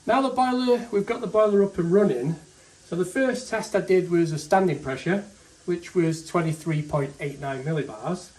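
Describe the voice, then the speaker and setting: A man's voice: fairly high pitch, a little mellow, echoey room. A man who trains gas engineers, casually explaining each step of a boiler service while he works on it. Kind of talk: hands-on demonstration narration. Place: indoors beside a boiler.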